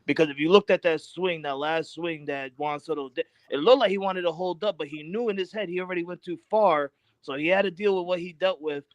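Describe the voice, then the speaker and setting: A man co-hosting a casual sports talk show, emphatic and trash-talking, getting loud when he gets excited. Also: a little high, brisk, hardly any pauses, dry recording, low-quality recording.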